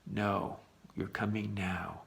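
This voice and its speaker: A gravelly, low-voiced angel of death, put on by a man telling the tale, curt and unbending. He speaks in short, flat refusals. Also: slow, heavily acted. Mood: stern. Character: stern male angel of death.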